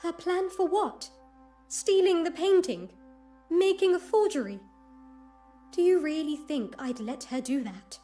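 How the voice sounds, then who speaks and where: A defensive young museum lady in a game, high voice but soft and mellow, music underneath. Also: lively intonation, a little slow. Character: guarded young woman museum worker, defensive.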